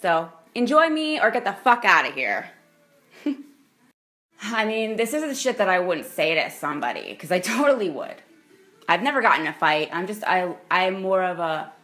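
A young woman ranting into her camera, blunt and full of swearing, swinging from loud outbursts to low, quiet mutters. Her voice sits in an ordinary middle pitch for a woman, with faint music in the background. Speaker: vlogger. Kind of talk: ranting vlog monologue.

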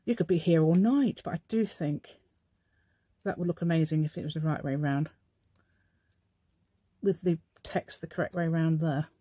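With a low, dark voice that has a breathy edge, a middle-aged woman speaks at a moderate pace and pauses often. She hosts a craft channel, rambling and chatting to herself in a playful put-on posh telephone voice during a casual crafting demonstration. There is no room sound, so the audio is dry.

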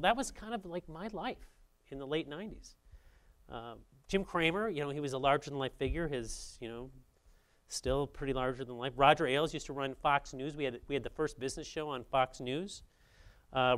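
A man's voice: mid-range voice, clean tone. Storytelling middle-aged man at a lectern. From Saint Paul, Minnesota, US. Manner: conversational, swinging between emphatic and quiet. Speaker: speaker at a journalism institute. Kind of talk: personal storytelling talk to an audience.

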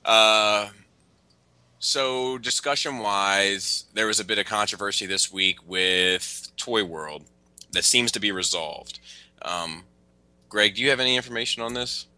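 A man hosts a casual podcast, joking around and leaning on fillers. His voice sits fairly low but has a very bright, sharp edge. The sound is close and dry. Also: smooth, dry recording. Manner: jokey, quick to laugh, filler-heavy. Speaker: podcast host.

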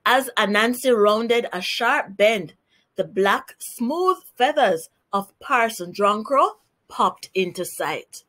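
A woman reading a children's story aloud, slow, clear and deliberate. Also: fairly high pitch, expressive, a bit bright.

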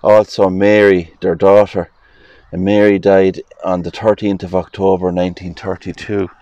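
A man's voice: deep voice, little pitch movement, a little mellow, dry recording, highs cut off. A man with an Irish accent walking through a graveyard, reading old inscriptions aloud and musing about them. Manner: reads headstone inscriptions aloud slowly, musing. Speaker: cemetery vlogger. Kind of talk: casual walking commentary. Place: outdoor graveyard.

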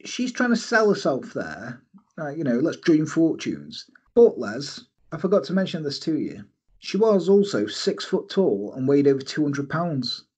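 A man's voice: a little high, very animated, measured pace, darkish tone, husky. A man hosting a podcast, recounting a true-crime story in a jokey way and riffing on it. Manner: jokey, giggly, reads aloud then riffs. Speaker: podcast host.

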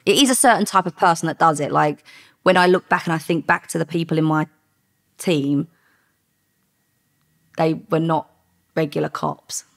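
Woman, low voice, gravelly, chatty interview guest, lots of ums. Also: moderate pace, long pauses. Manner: chatty, frequent ums and self-corrections. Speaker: guest, former undercover police officer. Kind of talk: casual storytelling interview.

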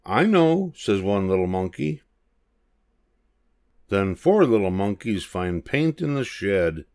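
An older man reading a rhyming picture book to children. His delivery is gentle and sing-song, and his pitch rises and falls freely. He takes an unhurried, deliberate pace. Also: lively intonation, clean tone, dry recording, studio quality. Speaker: storybook reader. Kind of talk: children's read-aloud.

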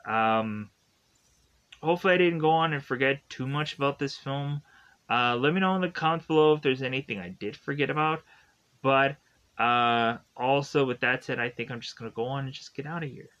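A man's voice: mid-range voice, normal speed, fairly bright tone, lo-fi sound. Tired man rambling through a film review. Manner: rambling, loose and repetitive. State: tired, yawning. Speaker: movie reviewer. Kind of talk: casual spoken film review.

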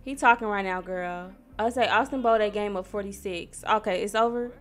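A young woman from Missouri, chatting casually to viewers while she plays a life-sim game, squealing when something excites her. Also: mid-range voice, moderate pace. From Missouri, USA. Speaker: gaming streamer. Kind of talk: casual gameplay commentary. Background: soft R&B background music.

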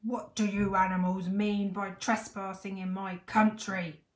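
A woman voicing a greedy fat male king who shouts and blusters, in a storybook reading. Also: a little high, huge pitch swings, normal speed. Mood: blustering. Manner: shouting, bellowing. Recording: echoey room.

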